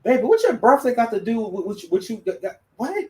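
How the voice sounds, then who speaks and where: A man's voice: extremely high pitch, brisk, recorded from a distance, slight background noise, poor audio. A man giving casual reaction commentary, stammering and restarting, full of slang. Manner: stammering, slang-heavy, animated.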